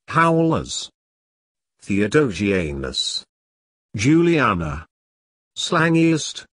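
Slow man reading single words. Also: on the low side, fairly bright tone, slightly rough, dry recording, clean studio sound. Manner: slow, one word at a time with pauses. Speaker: word list reader. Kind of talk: reading isolated vocabulary words.

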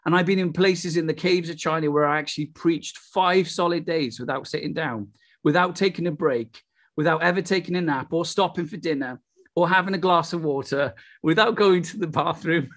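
A middle-aged Welsh man preaches a charismatic sermon with exuberant, excitable energy at a brisk pace. His voice sits fairly high for a man, and he keeps breaking into laughter and exclamations.

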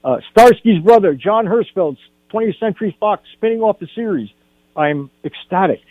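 An older man, a film director, telling stories as a guest in a radio studio interview, animated and acting out what people said. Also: sits high, normal speed, no echo, narrow, tinny audio. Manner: animated anecdote teller, acts out quotes.

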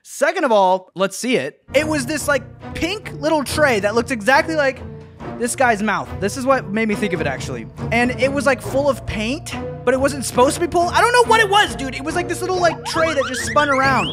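A young man giving casual reaction commentary on memes, excitable and slangy, calling everyone dude. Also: extremely high pitch, a little fast, over music.

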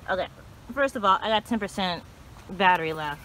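A woman vlogging outdoors, chatting easily to her viewers and calling them y'all while she walks her dogs. She talks to the camera on a handheld phone, and steady outdoor noise runs under her voice. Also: mid-range voice, unhurried. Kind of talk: casual vlog chat. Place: outdoors on a hiking trail, then a home yard.

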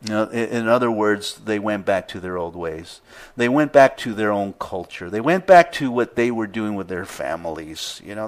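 A man's voice: on the low side, expressive, normal speed. A male pastor preaching a sermon in an easygoing conversational way, reading scripture aloud with rising emphasis.

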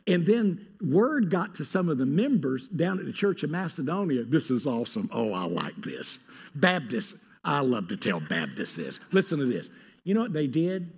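Husky animated preacher man. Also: a little high, moderate pace. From North Carolina. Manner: animated preacher, swings from hushed asides to loud pleading. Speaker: pastor. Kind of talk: sermon.

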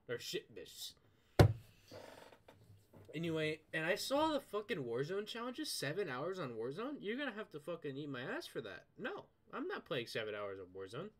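A man's voice: medium pitch, a bit bright. A man ranting about a video game, swearing constantly in a heated, exasperated way. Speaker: gaming vlogger. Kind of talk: profane gaming rant.

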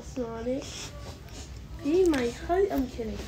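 A woman gamer in playful banter, bossy and teasing, now and then bursting into shouts. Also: fairly high pitch, animated, normal speed, low-quality recording.

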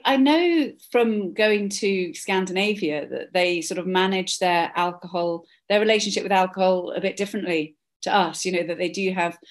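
A chatty middle-aged woman from Scotland talks through her anecdotes at an easy, rambling pace. She lifts into livelier tones to act out the people she quotes. Her voice sits in a middle register for a woman. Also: mid-range voice. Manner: chatty, animated storyteller, acts out quoted voices. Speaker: interview guest. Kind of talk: casual storytelling.

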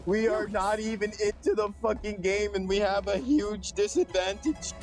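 A young man commenting casually on a video game he is playing, swearing a lot and switching between flat muttering and loud outbursts. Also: high-pitched, normal speed. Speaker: gamer streamer. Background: game music.

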